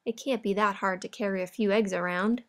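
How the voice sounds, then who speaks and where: A woman's voice: medium pitch, steady tone, a little fast, a bit bright, lightly acted. A woman voicing a friendly, cheerful brown hare in a storybook.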